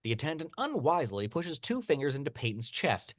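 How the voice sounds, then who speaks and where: A man reading a screenplay's action lines aloud as narrator, in steady read-aloud narration. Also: fairly high pitch, brisk, no room sound, clean studio sound. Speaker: narrator of stage directions.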